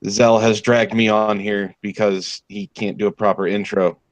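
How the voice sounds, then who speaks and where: A man's voice: fairly low pitch, little pitch movement, normal speed, no echo. A man who is a guest on a casual stream chat, talking bluntly and sarcastically and swearing freely.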